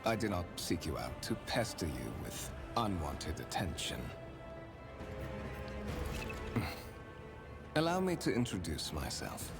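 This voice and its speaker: A suave, low-voiced spymaster. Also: male voice, wildly swooping pitch, gravelly, heavily acted. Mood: courtly. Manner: formal, measured, faintly menacing courtesy. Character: suave male spymaster, courtly and calculating. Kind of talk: video game voice acting. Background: game music.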